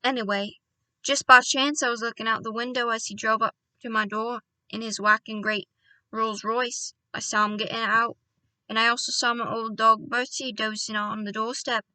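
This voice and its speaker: An excitable elderly country doctor bursts into loud, indignant outbursts, as a woman reader puts him on. The voice sits high and bright. It is recorded close and dry. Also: normal speed, no room sound. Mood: gleeful storytelling.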